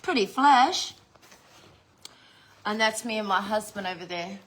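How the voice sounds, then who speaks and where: A middle-aged woman chatting to her camera in a loose, unscripted way. She swears freely and breaks into laughter often. Her voice sits at an ordinary, middle pitch for a woman. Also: lively intonation, unhurried, a bit bright. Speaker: vlogger. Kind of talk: casual unboxing chat.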